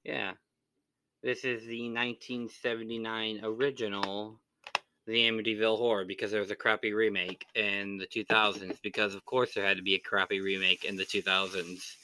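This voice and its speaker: A man co-hosting a casual unboxing chat, animated and quick to go off on passionate tangents. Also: on the low side, clear, resonant tone, dry recording. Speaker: co-host of unboxing channel.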